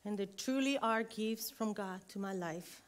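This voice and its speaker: A middle-aged woman, preaching a sermon in a church, warm and emotional, building to fervent exhortation. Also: medium pitch, a little slow. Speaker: guest preacher. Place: church sanctuary. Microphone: earring interfering with mic, handheld or headset.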